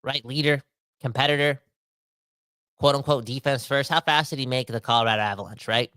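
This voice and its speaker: A young man hosting a casual podcast, rambling and animated, swinging between fired-up outbursts and quieter asides. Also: medium pitch, fairly quick, smooth. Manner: rambling with frequent restarts and self-corrections. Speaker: podcast host. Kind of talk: casual ranting podcast talk.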